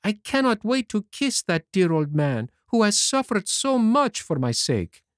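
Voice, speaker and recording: A man voicing an excitable, naive wooden puppet boy in a high, boyish way, for a storybook reading. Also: unhurried, no room sound, studio quality. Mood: eager.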